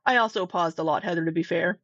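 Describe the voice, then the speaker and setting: A woman's voice: fairly low pitch, fast, a bit bright, no room sound, lo-fi sound. A woman commenting on clips, picking apart someone's reasoning with pointed questions. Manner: skeptical, questioning. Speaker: commentary youtuber. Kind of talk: reaction commentary.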